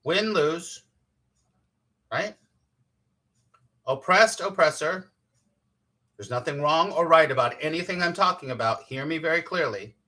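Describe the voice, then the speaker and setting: Bright-voiced playful spiritual teacher, a man. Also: a little high, expressive, a little slow, long pauses. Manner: playful and chatty, laughs often, greets viewers by name. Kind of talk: casual live-streamed morning talk.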